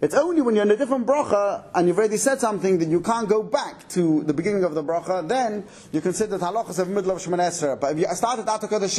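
Fast, husky man teaching a halacha class. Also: sits high. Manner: fast, animated explaining with Yiddish-English Torah terms. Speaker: Torah teacher.

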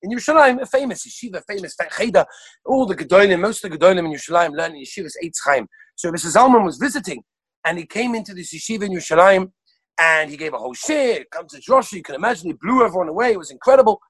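A man teaching a Torah class over a video call, reeling off sources one after another in an animated way. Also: high-pitched, husky, no echo, low-quality recording. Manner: rapid-fire listing of sources, animated. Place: lives in Israel.

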